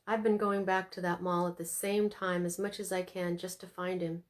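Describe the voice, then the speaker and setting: A woman voicing a quiet, troubled teenage boy who speaks low and subdued. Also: little pitch movement, moderate pace, natural voice. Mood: sad, subdued.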